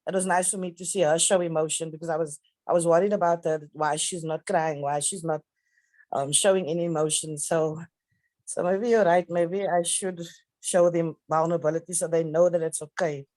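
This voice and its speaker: A middle-aged woman speaking haltingly and tearfully as a grieving mother, heard over a video call. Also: fairly low pitch, steady tone, dry recording, low-quality recording. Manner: halting, tearful, soft-spoken. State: crying at times. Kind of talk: emotional conversation.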